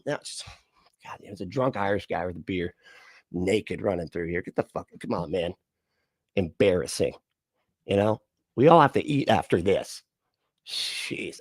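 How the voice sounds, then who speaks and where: With a lowish voice, this livestream host is animated yet measured, pausing often as he reacts to videos. He rambles casually, jokes, swears plenty, and laughs frequently. The audio is dry, clean studio sound.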